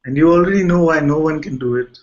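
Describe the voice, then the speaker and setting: A man teaching at a satsang, calm and repetitive, gently explaining. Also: a little high, quick pace, dull audio. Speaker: spiritual teacher. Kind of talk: satsang dialogue.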